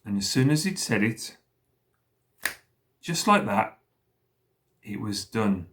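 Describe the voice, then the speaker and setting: A man leading school worship, slowly retelling a story for children and pausing to ask them questions. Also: on the low side, expressive, fairly bright tone.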